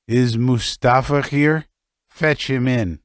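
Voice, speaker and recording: A man's voice: mid-range voice, steady tone, takes it slowly, clean tone, no echo, studio quality, lightly acted. A man voicing a drunk, distrustful rich manufacturer who rambles with chuckles and stammered repeats. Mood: rambling, bitter.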